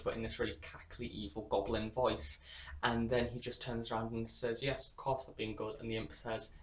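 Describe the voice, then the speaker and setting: A man's voice: medium pitch, roomy sound, low-quality recording. A man giving a spoken review of an audio drama, talking steadily and often saying "in fact". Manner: flat, steady delivery with frequent "in fact".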